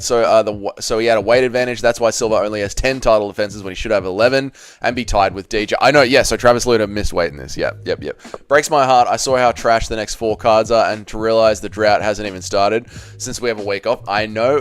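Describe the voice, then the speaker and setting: A man's voice: lowish voice, clear, resonant tone. A man from Australia with an Australian accent, casually reading chat and bantering with viewers on a live stream. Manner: banters with viewers, swears freely.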